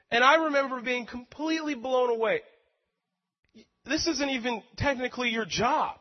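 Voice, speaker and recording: A man with a high voice preaches and tells a personal story, earnest and emotional, with self-deprecating humor. His words ring out with a long hall echo, and the sound is dull and lo-fi. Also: normal speed.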